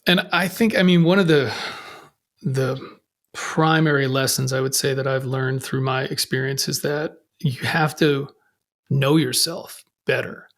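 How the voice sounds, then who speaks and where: A man hosting a podcast, chatting in a relaxed, frank way with fillers. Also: medium pitch, a little slow. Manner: relaxed, frank, drops in fillers like "you know". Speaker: podcast host. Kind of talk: casual conversation.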